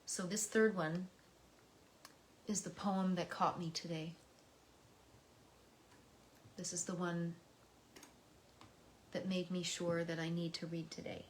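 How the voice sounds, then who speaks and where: A soft-spoken American woman speaks at an unhurried, drawn-out pace, with a voice sitting a little low for a woman. She reads poetry and reflects between the poems, often sinking into a hushed whisper. Faint room ambience sits beneath her. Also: little pitch movement, slight background noise. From United States. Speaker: host reading poems.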